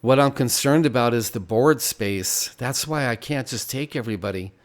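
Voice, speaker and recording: A man hosting a game video who preaches between moves, unhurried and repeating his phrases like a sermon. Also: mid-range voice. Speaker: gaming channel host. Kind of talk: gameplay commentary mixed with preaching.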